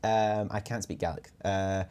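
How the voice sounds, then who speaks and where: A man's voice: lowish voice, steady tone, measured pace, dark tone, clean tone. A Scottish man co-hosting a casual game let's play. He chats, cracks puns and apologizes for them with a self-deprecating streak. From Scotland. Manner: jokey, punning, self-deprecating. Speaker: community manager, co-host.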